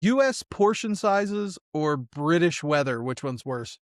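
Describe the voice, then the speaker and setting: A man hosting a podcast interview, easygoing, with quick laughs as he asks his questions. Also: fairly high pitch, expressive, no echo, studio quality. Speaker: podcast host.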